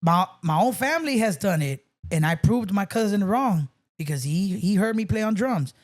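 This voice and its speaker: A man's voice: sits high, expressive, moderate pace. Man, podcast guest; casual, profane storyteller. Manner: loose, swearing storyteller, mixes in Spanish. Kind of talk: casual chat.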